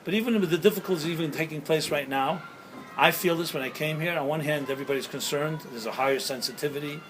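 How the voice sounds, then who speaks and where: A man's voice: on the high side, fast talker, background noise. A man speaking as a rabbi, delivering a sermon-style talk outdoors, telling stories and jokes and asking the listeners questions. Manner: storytelling with jokes and rhetorical questions. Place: outdoors at sunset.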